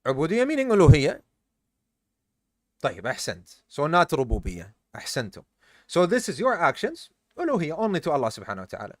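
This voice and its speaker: A man's voice: fairly high pitch, huge pitch swings, fast talker, no room sound, clean studio sound. A tired man teaching a religious study class, explaining step by step, quizzing his students and mixing in Arabic terms. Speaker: teacher of an Islamic study course. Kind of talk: classroom lesson. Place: live class session with students.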